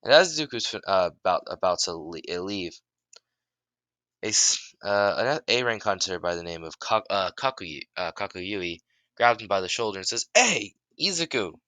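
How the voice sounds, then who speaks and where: A man improvising a story as narrator, halting with many restarts and fillers. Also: sits low, animated, sharp tone, no room sound.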